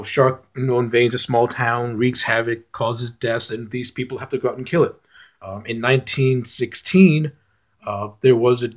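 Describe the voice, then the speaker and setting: A man reviewing films in a casual rant, blunt and profane, often restarting his sentences. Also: mid-range voice. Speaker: film reviewer.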